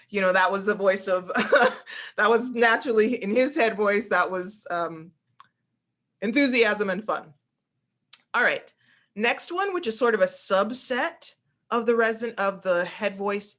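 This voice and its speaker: A woman speech instructor teaching voice exercises in an online class, often demonstrating bright high exclamations. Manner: demonstrates pitches with exaggerated exclamations, frequent fillers.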